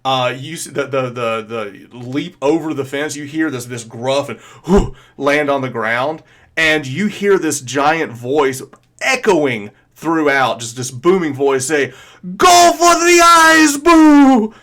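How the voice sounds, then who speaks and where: Man, game master, tabletop game narration, hesitant, lots of fillers, average pitch. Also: unhurried, fairly bright tone.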